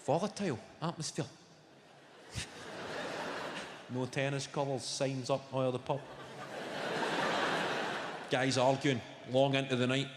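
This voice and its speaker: A man's voice: medium pitch, steady tone, takes it slowly, long pauses, background noise. A Scottish man doing live stand-up in a large theatre, sardonic and sweary as he teases the audience. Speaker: stand-up comedian. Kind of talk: live stand-up routine with crowd work. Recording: echoey hall, loud audience laughter.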